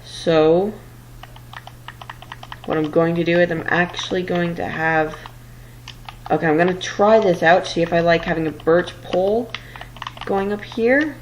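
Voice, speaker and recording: Low-voiced rambling woman gamer. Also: fairly even intonation, measured pace, pauses often, a little hiss or hum, low-quality recording. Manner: rambling, flustered, self-deprecating. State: tired late at night. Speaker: gameplay commentator. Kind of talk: casual let's-play commentary.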